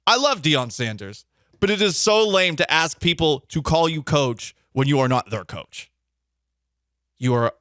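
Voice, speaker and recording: A man's voice: medium pitch, a bit bright, no room sound. A man hosting a casual sports talk radio show in a studio, opinionated and joking as he reads listener comments.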